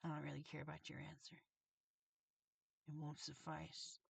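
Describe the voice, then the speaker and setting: A woman's voice: sits low, monotone, moderate pace, vocal fry, slightly rough, no echo. A woman reading tarot on a livestream, channeling messages in an agitated, profane, confrontational rant. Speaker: tarot reader and streamer.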